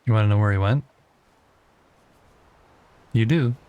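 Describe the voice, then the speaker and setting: A man's voice: on the low side, measured pace, clear, resonant tone, phone-quality sound. A man livestreaming a game, casually chatting with his viewers and teasingly talking to the creatures he meets.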